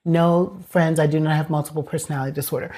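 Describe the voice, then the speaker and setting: A woman's voice: deep voice, fairly even intonation, quick pace. A woman hosting a podcast interview, affirming her guest and laughing easily. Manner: warm affirmations, playful laughs. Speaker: podcast host. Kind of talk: conversational interview.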